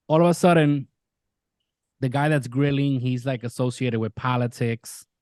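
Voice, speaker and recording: A man's voice: mid-range voice, a little slow, no room sound. A man co-hosting a podcast in casual chat, animatedly retelling a TV show and swearing freely. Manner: animated storyteller, swears freely, retells scenes with quoted voices. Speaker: podcast co-host.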